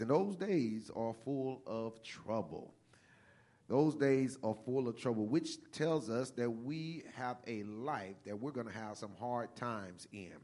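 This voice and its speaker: A man preaching a sermon, reading scripture slowly and then building to a fervent, rising cadence with repeated phrases. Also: mid-range voice, dark tone.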